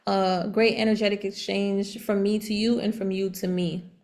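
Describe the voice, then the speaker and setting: A woman giving a casual tarot reading, chatty and animated, laughing often and using relaxed slang. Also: mid-range voice, normal speed. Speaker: tarot reader.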